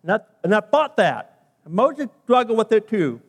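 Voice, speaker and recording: A man's voice: sits high, sing-song, normal speed, big-room sound. A British man, a pastor, preaching a sermon, emphatic and stressing key phrases by repeating and stretching them.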